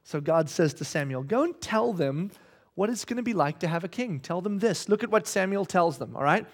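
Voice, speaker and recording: Animated high-voiced male preacher. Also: brisk. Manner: animated, shouts acted-out quotes, laughs. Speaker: pastor. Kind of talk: sermon.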